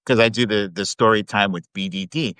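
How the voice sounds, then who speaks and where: A guest from Brooklyn chatting casually on a live video, laid-back and quick to laugh along. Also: low-pitched, fairly bright tone, smooth, no echo. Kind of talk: casual chat.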